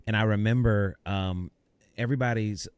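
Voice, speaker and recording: A man with a fairly low voice hosts the conversation, thinking out loud in a calm, reflective way and working in scripture references. The recording is close and dry, with very little room sound. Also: normal speed, clean tone, no echo. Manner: relaxed, reflective, ties stories to scripture. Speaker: interviewer, podcast host. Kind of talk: casual conversation.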